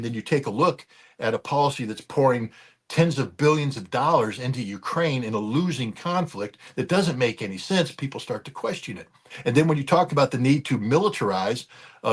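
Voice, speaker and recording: A man delivers animated political commentary, blunt and emphatic, tossing in mocking asides. His voice has a husky, slightly breathy texture at a middling pitch.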